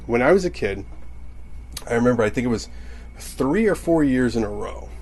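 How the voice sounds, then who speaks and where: A man's voice: mid-range voice, lively intonation, moderate pace, a little mellow, a little hiss or hum. A young man rambling through a comedic monologue, often cutting himself off and laughing at his own jokes. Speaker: comedian podcaster.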